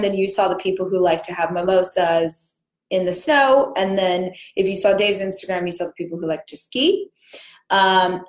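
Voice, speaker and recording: Young woman, morning live stream host, mid pitch, tight-lipped from a cold sore, roomy echo. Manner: chatty, talking with barely opened lips. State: cold sore, speaking with a small mouth.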